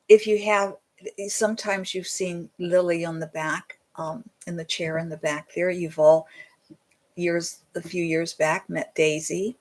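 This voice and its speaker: A woman's voice: lowish voice, fairly even intonation, a little slow, darkish tone. A woman in her seventies, a psychic medium, talking earnestly and tenderly to her viewers and reading channeled answers in a livestream. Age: 70s. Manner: earnest and tender, sometimes self-deprecating. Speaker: psychic medium hosting a weekly show. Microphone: desk microphone.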